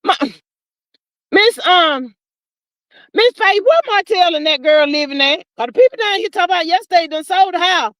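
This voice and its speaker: A woman's voice: expressive, a bit bright, dry recording. A woman hosting a casual gossip live stream, reading viewer comments aloud in a chatty, sassy way. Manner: chatty, sassy, drawn-out gossip with frequent "child" and "y'all"; laughs between comments, swings high for emphasis.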